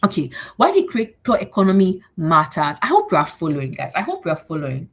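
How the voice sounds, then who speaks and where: A woman's voice: fast, slight background noise. A woman hosting a motivational livestream, rallying her audience with repeated phrases and acting out short exchanges. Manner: animated, repetitive and rallying, acting out exchanges in higher voices. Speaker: host.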